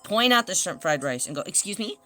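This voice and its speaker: A woman streamer in casual stream chat, an excitable storyteller who stumbles, restarts, swears and laughs often. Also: low-pitched, brisk, no echo, soft background music.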